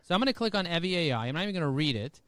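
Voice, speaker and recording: Pumped-up guy on a video call, kinda high voice, cracking jokes nonstop, dry sound. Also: sing-song, very fast, a bit bright, no room sound. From United States. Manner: high-energy, punchy, jokey, rhyming catchphrases. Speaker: podcast guest. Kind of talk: energetic podcast interview.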